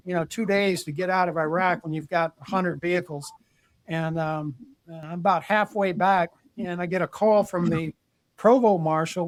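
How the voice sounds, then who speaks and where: A man's voice: high voice, dry recording. An older man, a retired army general, telling war stories in a casual interview, plainspoken and restarting his words as he acts out conversations.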